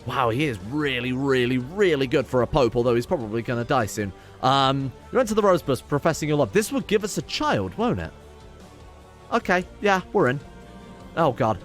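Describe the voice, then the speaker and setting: A man's voice: mid-range voice, animated, fast, fairly bright tone, soft background music. A young man casually commenting on his strategy game, reading event text aloud, wry and swearing now and then. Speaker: game streamer. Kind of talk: casual let's play commentary.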